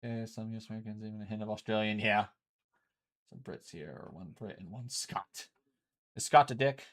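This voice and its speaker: Talking at a normal speed in a lowish voice, a man streaming from home explains a card game while he plays. His chatter is relaxed and casual, with plenty of free swearing.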